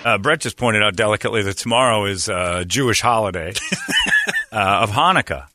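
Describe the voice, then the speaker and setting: A man's voice: lowish voice, a little fast, no echo, studio quality, faint music behind. A man hosting a morning radio show, telling a long story in casual chat with many fillers. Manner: rambling, lots of "uh" fillers, animated retelling.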